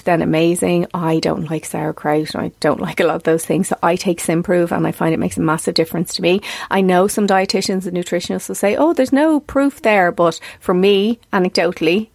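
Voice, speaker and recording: A woman in her forties hosting a podcast, talking in an earnest, confessional monologue and quick to get emotional. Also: lowish voice, vocal fry, darkish tone, no echo. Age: 40s. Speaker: podcast host.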